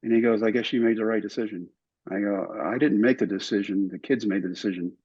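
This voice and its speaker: An older man telling stories in an interview, animated and acting out other people's lines. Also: fairly low pitch, quick pace, breathy edge. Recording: somewhat dull, muffled recording.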